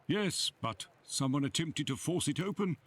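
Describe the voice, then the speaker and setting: A formal Victorian constable in a detective game. His husky voice rises and falls with lively pitch, a touch high for a man. The voice plays back from the game through speakers. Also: moderate pace.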